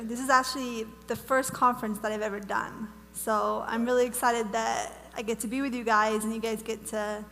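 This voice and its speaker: A young woman from Wales with an American accent speaks at a church conference in a bubbly, chatty way, full of restarts. Her voice sits a little high and carries a long reverb from the hall, with a faint hum beneath it. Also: gravelly, fairly bright tone. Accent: American, lost her Welsh accent. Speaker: guest speaker. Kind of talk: casual testimony talk at a conference.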